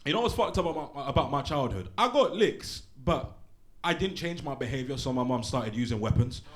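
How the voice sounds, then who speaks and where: A man, performing a brash, profane, animated stand-up set in a small venue. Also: medium pitch, brisk, crowd noise. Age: late 20s. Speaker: stand-up comedian. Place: small comedy pub venue, live audience. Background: audience laughter.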